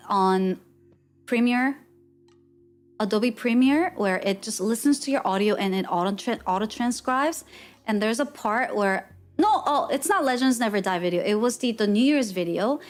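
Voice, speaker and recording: A woman streamer chatting casually with her live chat, rambling and correcting herself as she goes. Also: fairly high pitch. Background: faint music.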